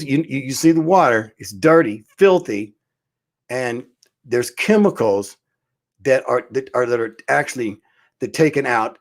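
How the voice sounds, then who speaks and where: A man hosts his own talk show and tells a story to the camera. He rambles, starts his sentences over and over, and scatters fillers as he goes, in a casual and conversational way. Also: medium pitch. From Southern California. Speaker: show host.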